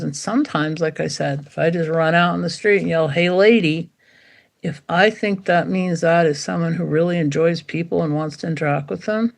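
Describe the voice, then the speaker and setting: A woman guest, a dog breeder and behavior expert, talking in a lively storytelling way and acting out quoted dialogue on a podcast. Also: on the low side, vocal fry. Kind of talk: podcast interview.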